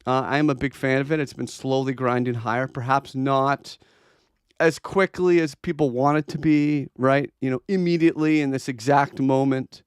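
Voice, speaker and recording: This man hosts a crypto livestream, bluntly talking through charts that viewers ask for, with frequent fillers and false starts. His mid-range voice is clear and resonant, fairly even in intonation, at a normal speed, recorded dry with studio quality.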